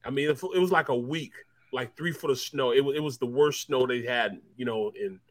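Rambling ex-player, dry close sound. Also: male voice, medium pitch, fairly quick, no room sound. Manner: rambling storyteller, repeats himself. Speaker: co-host, former football player. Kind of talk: casual sports talk.

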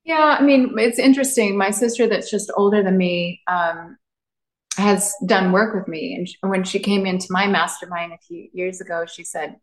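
A woman's voice: mid-range voice, fairly even intonation, moderate pace, reverberant, low-quality recording. A woman relationship coach, a podcast guest, telling personal stories in an open, heartfelt way. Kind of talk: candid interview talk.

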